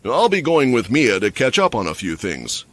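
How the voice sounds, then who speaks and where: A man's voice: mid-range voice, wildly swooping pitch, moderate pace, a bit bright. A man voicing a dry, smirking old mage who now looks young. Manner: wry, unflappable. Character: ancient male mage in a young body, dry and smug.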